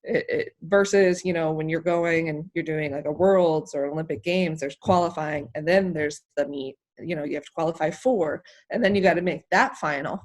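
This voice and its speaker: A woman from the United States, an athlete telling her story as an interview guest, emotional and animated, rambling with many fillers. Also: low-pitched, normal speed, few pauses. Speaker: interview guest, hammer thrower.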